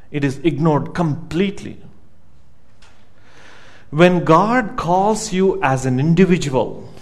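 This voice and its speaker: A man preaching a sermon as pastor, emphatic, repeating words as he builds each point and asking the congregation questions. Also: fairly high pitch.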